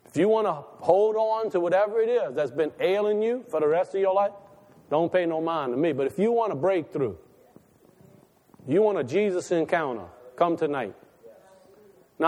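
A man's voice: high voice, expressive, normal speed, darkish tone. A man a sermon in a sanctuary, folksy and conversational, rising into impassioned calls. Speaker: preacher. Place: church sanctuary. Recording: long reverb of a church hall.

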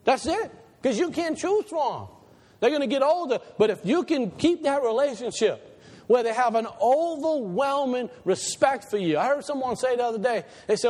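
A man delivering a sermon, his voice pitched high and lively. He climbs to loud, emphatic peaks, then drops to quiet, confiding asides. A long reverb trails behind him, as in a church hall. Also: moderate pace. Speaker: pastor.

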